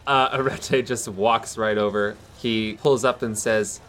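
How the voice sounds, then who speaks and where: Slow-talking man at a tabletop game. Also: fairly low pitch, slight background noise. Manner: relaxed, laughing. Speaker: player. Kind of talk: casual tabletop play.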